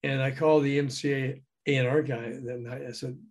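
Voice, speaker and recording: An older man, a guest in an interview, telling animated anecdotes with chuckles and acting out quoted dialogue. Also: medium pitch, brisk. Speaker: guest, former record promotion man. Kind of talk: casual storytelling interview.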